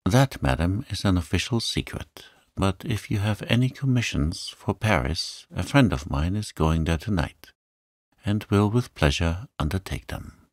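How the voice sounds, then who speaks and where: A man's voice: sits low, lively intonation, a little slow, dry recording, studio quality. A man reading the part of a grave young prosecutor who speaks with urgent, guarded seriousness. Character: stern male prosecutor, urgent and secretive.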